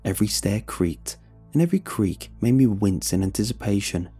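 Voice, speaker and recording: A man narrating a scripted horror story in a tense, measured way. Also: on the low side, animated, mellow, slightly rough, faint music behind.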